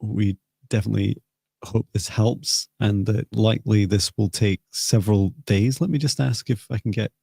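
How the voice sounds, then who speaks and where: A man hosting a live psychic healing session, speaking softly and hesitantly with many pauses. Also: fairly low pitch, fairly even intonation, gravelly, husky, dry recording, studio quality. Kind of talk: slow, gentle guided healing talk.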